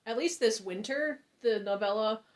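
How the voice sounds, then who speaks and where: A woman's voice: fairly high pitch, moderate pace. A woman co-hosting a book club chat over a video call, rambling with hesitant restarts. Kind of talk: casual chat.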